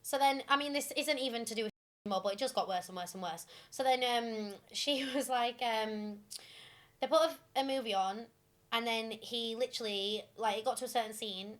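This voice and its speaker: A young woman chatting on a podcast, her voice bright and a touch high. She retells stories in an animated, giggly way, full of fillers. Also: moderate pace. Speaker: podcast co-host. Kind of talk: casual chat, retelling listener stories.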